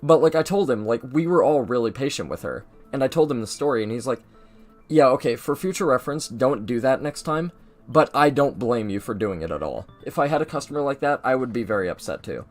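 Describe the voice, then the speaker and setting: A young man chats loosely and animatedly, jumping between his own voice and quick impressions of the people in his anecdote. His voice sits in a middle register. Faint game music plays behind him. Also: mid-range voice. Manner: rambling, animated, mimics people in his story. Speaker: gaming video host. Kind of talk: casual storytelling over gameplay.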